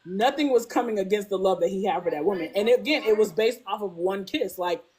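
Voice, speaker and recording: Animated woman chatting with constant "like"s. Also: brisk. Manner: animated, acts out characters' lines with big pitch jumps; peppers speech with "like". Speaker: guest. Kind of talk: casual fan discussion.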